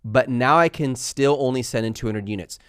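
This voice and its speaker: A young man hosting a live stream, chatting fast and laughing as he answers viewer questions. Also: mid-range voice, a bit bright, smooth, no echo, clean studio sound. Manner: fast-talking. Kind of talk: live Q&A chat.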